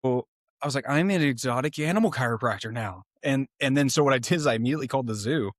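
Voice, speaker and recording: A man, a chiropractor guest telling animated stories in a casual interview, often restarting his sentences. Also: mid-range voice, quick pace, dry recording, studio quality. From Oklahoma, US. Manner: animated, self-interrupting, laughs through stories.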